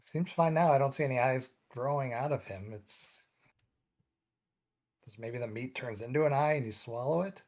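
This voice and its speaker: A careful, inquisitive adventurer with a medium-pitched voice, asking questions and checking on his companion. A man voices him in a tabletop game. He speaks at an even, ordinary pace. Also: moderate pace, lightly acted.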